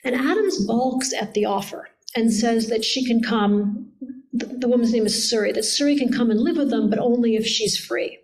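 At a public event, a middle-aged author answers interview questions about her biography in a fairly high, darkish voice at a moderate pace, captured in a low-quality recording. She's thoughtful and digressive, with frequent fillers and restarts.

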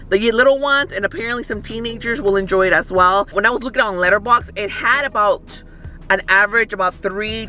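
High-voiced bright man chatting in car. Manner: relaxed, rambling, many fillers. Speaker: movie review vlogger. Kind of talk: casual chat. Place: inside a parked car.

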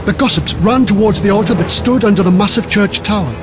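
High-voiced man narrating a dramatic story. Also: fairly quick, over music. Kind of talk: scripted narration of a children's history story.

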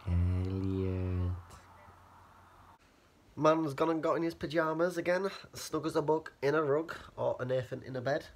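A man's voice: on the high side, fairly even intonation, brisk, hardly any pauses. A young man, a student with a cold, chatting and rambling casually in his bedroom in a student house, swearing freely as he talks to the camera. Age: young adult. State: has a cold. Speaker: student vlogger. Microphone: camera held while talking.

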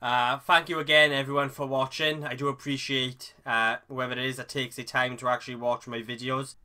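Bright-voiced man rambling through a review. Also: medium pitch, level tone, brisk. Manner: rambling, self-correcting, with many fillers. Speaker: film reviewer. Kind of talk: casual spoken movie review.

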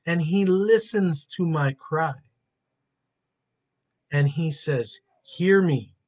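A man teaching a Bible study and then praying, earnest and emotional, slowing down to lean on key words. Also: on the high side, a little mellow.

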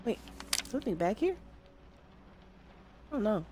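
A woman's voice: mid-range voice, big pitch swings, measured pace. A woman streamer playing a horror game, jumpy and frightened, swearing and talking back to the game. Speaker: gaming streamer. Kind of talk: horror game let's play. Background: loud game music.

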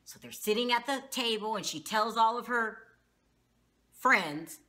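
A woman's voice: a little high, lively intonation, unhurried, sharp tone. A woman recapping a reality TV episode in a casual vlog, outspoken and slangy, with frequent exclamations. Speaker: TV show reviewer.

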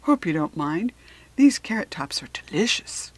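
A woman's voice: fairly high pitch, big pitch swings, a little slow, a little mellow, breathy edge, heavily acted. A woman voicing a cheeky magical male hare who talks in a breezy, offhand way.

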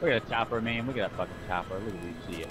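A man's voice: on the low side, racing, a bit bright, faint music behind. A man in a put-on Southern US redneck accent, taunting enemies with heavy profanity during a game. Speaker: gamer. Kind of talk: casual gameplay banter.

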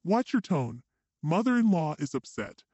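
A man's voice: fairly high pitch, big pitch swings, moderate pace, warm tone, no echo, muffled recording. A man voicing a curt, domineering husband. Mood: impatient. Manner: curt, demanding, dismissive. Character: domineering impatient adult husband.

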